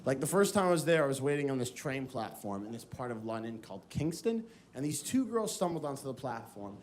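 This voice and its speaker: An American man telling a story in a stand-up set on a comedy stage, acting out voices with lively energy. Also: medium pitch, a little hiss or hum. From United States. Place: comedy stage before a live audience.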